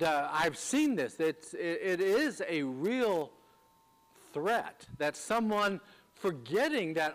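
A man delivers a sermon in a fairly high voice. He teaches at a measured pace, stopping often on fillers and repeating words as he works through his point. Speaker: pastor.

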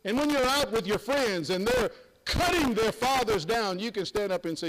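A man's voice: sits high, animated, moderate pace, a bit bright, rough recording. An older man preaching a sermon, folksy and emphatic, with sudden exclamations.

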